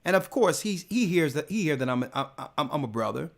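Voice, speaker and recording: A man's voice: a little high, very animated, fast talker, gravelly. A man, a church elder, telling a personal testimony in casual speech, emphatic and often repeating words as he builds his point.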